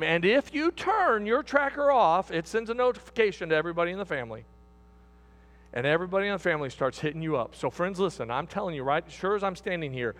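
A middle-aged man preaching a sermon as pastor, folksy and repetitive, dropping to soft asides and rising to loud exhortation. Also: fairly high pitch.

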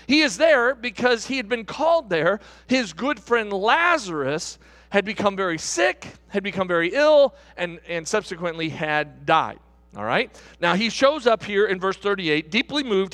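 A male pastor preaching a sermon with animated delivery, stumbling over restarts and tossing in rhetorical asides. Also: sits high. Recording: reverberant hall.

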